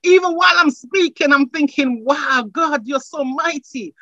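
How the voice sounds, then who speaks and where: A woman's voice: sits high, moderate pace, no echo, dull audio. A woman preaching a sermon, building from chatty asides to fervent, repeated declarations. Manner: rising to fervent shouts, repeating phrases.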